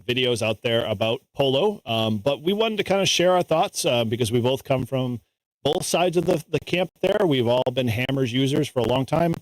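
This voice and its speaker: Male podcast co-host, easygoing and chatty, mid-pitched, dry close recording. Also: no echo, low-quality recording. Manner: relaxed, laughs often, many fillers. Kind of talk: casual chat.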